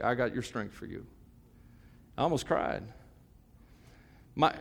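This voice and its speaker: Joking pastor preaching in an echoing hall. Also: male voice, medium pitch. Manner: conversational, joking, emphatic preaching. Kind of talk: sermon. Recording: long hall reverb.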